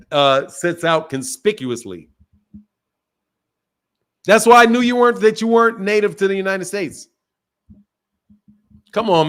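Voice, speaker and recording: Stream host, male, high-pitched, crude and teasing, casual talk. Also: fairly bright tone. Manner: loose, profane, teasing banter. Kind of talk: casual chat with callers.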